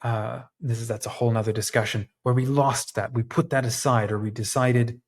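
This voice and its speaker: A man's voice: medium pitch, fairly even intonation, fairly quick. A man hosting a reflective solo talk, thinking aloud and searching for words with frequent restarts and fillers. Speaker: podcast host. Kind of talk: reflective monologue.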